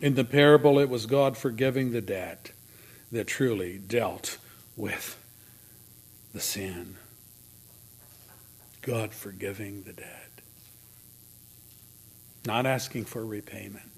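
A man preaching a sermon in a dramatic way, moving from loud emphasis to near whispers. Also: lowish voice, takes it slowly, pauses often, slight background noise.

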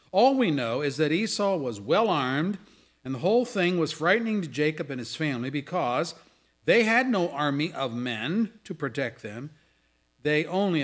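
Guy preaching a sermon, kinda high voice, goes big then quiet. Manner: swings from loud to hushed, reads scripture dramatically. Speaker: pastor. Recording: audio of a sermon.

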